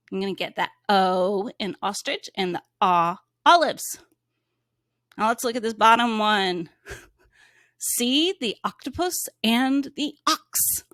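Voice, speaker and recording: A woman teaching a phonics reading lesson to young children, drawing out sounds slowly and gently prompting the child with questions. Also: medium pitch, no room sound, clean studio sound. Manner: slow, clearly sounded-out words for young children.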